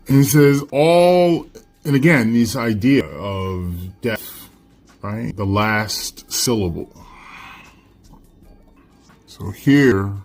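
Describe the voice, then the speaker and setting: A man with a lowish voice, walking a class through a text at an unhurried pace. He keeps it conversational and checks in often with "right?" and "you know". Faint music plays underneath. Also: a little mellow. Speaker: teacher. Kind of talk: explaining a text in a recorded lesson.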